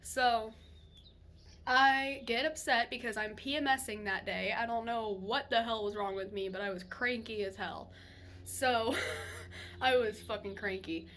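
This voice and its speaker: A young woman vlogger telling a personal story in a chatty, animated way, swearing freely and laughing as she goes. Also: fairly high pitch, measured pace, a little hiss or hum. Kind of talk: casual storytelling to camera.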